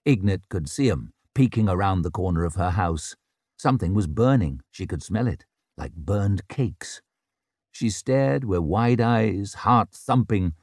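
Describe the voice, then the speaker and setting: A man reads a fantasy novel aloud in a lowish voice that swings widely in pitch as he tells it. The storytelling is expressive and dramatic, and the recording is dry and close with no room sound. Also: no echo. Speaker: audiobook narrator. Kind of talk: scripted narration of a fantasy novel.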